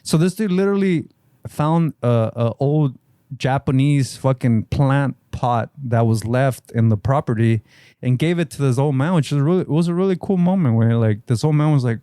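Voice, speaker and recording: A man's voice: mid-range voice, lively intonation, normal speed, warm tone, dry recording, studio quality. A man telling a story on a podcast, loose and profane, full of slang. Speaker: podcast co-host. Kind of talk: casual podcast chat.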